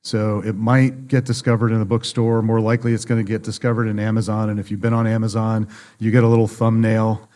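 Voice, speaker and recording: Low-voiced man telling business stories. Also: little pitch movement, a little fast, warm tone. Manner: storytelling, acts out quoted dialogue. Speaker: book publishing guest. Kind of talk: conversational podcast interview. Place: conference venue.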